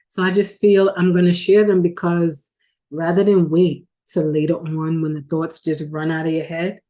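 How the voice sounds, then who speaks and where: Woman, lowish voice, heartfelt conversational vlog from the car. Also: dark tone. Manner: earnest, emotional, conversational. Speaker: video host. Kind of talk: casual vlog commentary.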